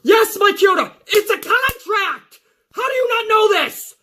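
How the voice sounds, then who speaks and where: A man putting on an exasperated, profane female wrestler who insists loudly. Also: very high voice, animated, unhurried, a little hiss or hum, pitched above the performer's own voice, exaggerated voice. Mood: insistent. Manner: shouting, insistent.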